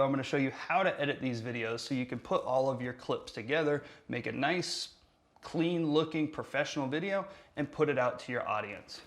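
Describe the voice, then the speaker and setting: A man hosting a casual how-to tutorial on a lav mic, talking with energy and plenty of inflection. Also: medium pitch. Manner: energetic, talks with his hands, lively inflection. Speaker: marketing tutorial host. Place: room with hard surfaces.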